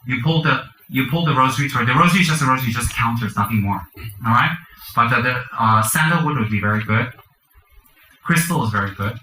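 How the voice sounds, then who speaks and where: A man's voice: mid-range voice, expressive, quick pace, pushed and bright, slight background noise. Man teaching mantra practice in echoey room. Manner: chants mantras and gives practical instructions, joking asides. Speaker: Buddhist teacher. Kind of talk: dharma teaching to a group.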